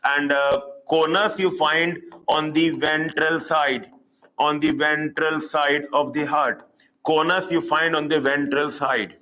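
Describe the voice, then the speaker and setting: A man with an Indian English accent teaching a live online zoology class, repeating key terms slowly for students. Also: a little high, fairly even intonation, sharp tone, poor audio.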